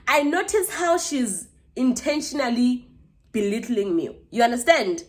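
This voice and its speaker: A young woman recounting a run-in in a storytime vlog, sounding indignant and animated. Her voice sits a little high for a woman, and she rushes and restarts as she builds her case. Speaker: vlogger.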